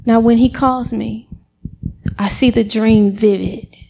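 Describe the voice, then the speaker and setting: High, gravelly woman giving a dramatic testimony. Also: slow. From United States. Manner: animated, dramatic storytelling. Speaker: church member giving testimony. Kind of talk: personal testimony.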